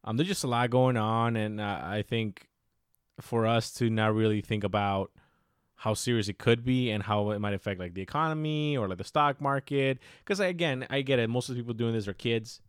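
A man in loose, rambling podcast chat, swearing freely and acting out his own reactions as he goes. His voice is smooth and resonant at a middle pitch. The recording is close and dry. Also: a little fast, no echo. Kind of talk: casual chat.

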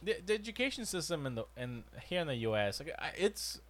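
Relaxed man from Mexico, casual chat. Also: fairly high pitch, brisk.

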